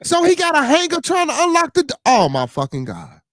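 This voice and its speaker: A man with a Chicago accent telling stories and chatting on a podcast, animated and profane, with lots of restarts. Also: very high-pitched, fairly quick, no echo, clean studio sound. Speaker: podcast host. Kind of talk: casual chat.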